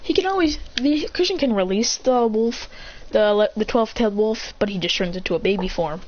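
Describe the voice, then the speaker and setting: A woman's voice: mid-range voice, brisk, darkish tone. A woman telling an improvised story in a rambling way, with many fillers and restarts. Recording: dull lo-fi recording with faint noise.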